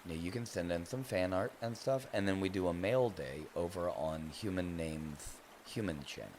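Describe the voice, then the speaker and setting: A man's voice: sits low, darkish tone, slight background noise. A man hosting a live stream, reading viewer comments aloud in a playful, goofy, teasing way. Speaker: livestream host.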